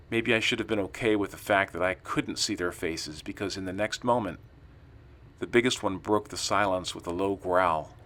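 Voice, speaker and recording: Low-voiced man narrating a campfire tale. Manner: calm storytelling, acts out quoted lines. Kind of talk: scripted narration of a witness story.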